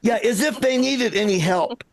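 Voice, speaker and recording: A middle-aged man performs a stand-up set in a rambling, profane way, breaking off and restarting his lines. His voice sits high for a man and has a gravelly edge. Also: normal speed. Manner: rambling, profane, self-interrupting delivery. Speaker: stand-up comedian. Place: live comedy stream with echo. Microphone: own microphone.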